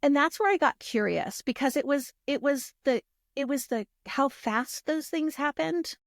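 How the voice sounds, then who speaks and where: A woman guest on a podcast, telling stories in a lively, casual way, acting out what people said and swearing freely. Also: high voice, normal speed, gravelly, dry recording, clean studio sound. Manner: animated, acts out quoted voices, swears freely. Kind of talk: casual storytelling.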